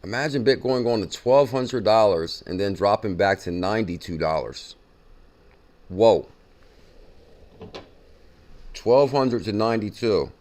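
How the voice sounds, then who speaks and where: Man, crypto show host, fairly low voice, excitable, casual chatty delivery, repeats himself for emphasis. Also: moderate pace, hardly any pauses. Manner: excitable, repeats and reacts to a played clip. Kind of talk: casual chat.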